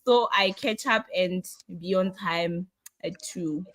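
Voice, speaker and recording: A woman's voice: on the low side, slow pace, no room sound. A South African woman chatting casually on a reading call about her plans while she cooks. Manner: relaxed, talks while cooking. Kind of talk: casual chat.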